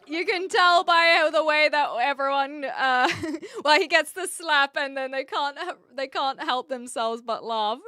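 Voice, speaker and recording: Brief: Kiwi woman streamer, bright and giggly, posh-tinged, dry close sound. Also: sits high, unhurried, few pauses, no room sound. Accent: New Zealand, mixed and posh-leaning. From New Zealand. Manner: playful, giggly, self-mocking. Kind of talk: casual live-stream chat.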